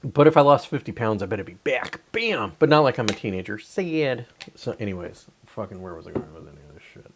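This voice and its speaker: A man's voice: lively intonation, quick pace, a little hiss or hum. A man in his forties hosting a livestream, talking in a loose, rambling, profane way and mocking complainers. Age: 40s. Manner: profane, digressive, mocks whiners in high whiny voices. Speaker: livestream host. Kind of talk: casual rambling livestream chat.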